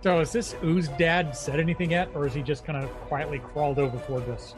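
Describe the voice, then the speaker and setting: A man's voice: fairly high pitch, fairly even intonation, quick pace, music in the background. A man playing a tabletop game, describing his character's spells and attacks in a playful, joking way. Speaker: player. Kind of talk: casual tabletop play.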